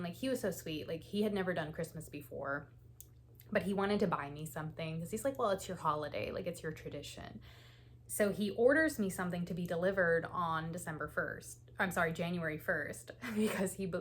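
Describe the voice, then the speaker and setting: A woman's voice: lowish voice, a little fast, a little hiss or hum. A woman hosting a knitting channel, telling stories in a chatty, casual way with frequent laughs and lots of "like"s. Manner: chatty, laughs often, many "like"s. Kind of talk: casual knit-and-chat storytelling.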